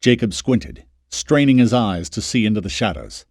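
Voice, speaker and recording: Male audiobook narrator, lively pitch, dry close studio sound. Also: moderate pace, breathy edge, no room sound. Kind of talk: scripted narration.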